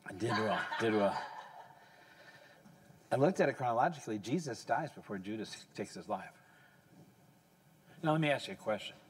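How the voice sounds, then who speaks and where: A man in his sixties, a pastor preaching a conversational sermon, correcting himself as he goes and rising into high, excited emphasis. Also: moderate pace, long pauses, slightly rough. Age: 60s.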